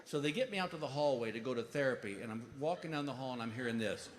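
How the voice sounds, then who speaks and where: A middle-aged man telling stand-up comedy stories, animated and acting out voices with big outbursts. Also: medium pitch, fast talker, in a large hall. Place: comedy stage before a laughing audience. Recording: live show with clear audience noise.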